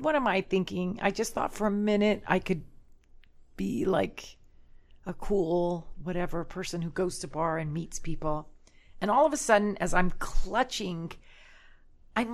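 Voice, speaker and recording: A woman's voice: mid-range voice, normal speed. A woman in her forties, animatedly telling a personal story on a casual podcast and acting out what people said. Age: 40s. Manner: animated, acts out quotes.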